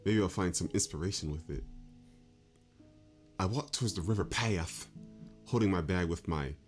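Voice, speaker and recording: A man reading aloud as a gloomy teenage schoolgirl narrator from a game, in a flat voice. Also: deep voice, moderate pace, soft background music, natural voice. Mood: quiet, downcast.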